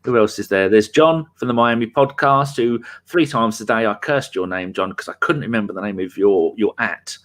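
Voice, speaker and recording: A man's voice: lowish voice, normal speed, few pauses, fairly bright tone. A man from England hosting a casual football podcast, teasing his co-hosts and joking with listeners. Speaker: podcast host.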